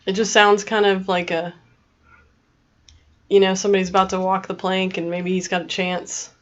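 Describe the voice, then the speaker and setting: A woman's voice: mid-range voice, flat delivery, normal speed, lo-fi sound. A woman with a Texan accent co-hosting a live stream, reading chat aloud and thinking through her guesses hesitantly. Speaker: livestream co-host reading chat. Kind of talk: casual chat.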